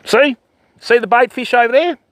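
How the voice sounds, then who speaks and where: A man's voice: very high voice, moderate pace, a bit bright, no echo. An older man hosting a fishing livestream by a river, chatting casually and greeting viewers by name. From Australia. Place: outdoors by a river.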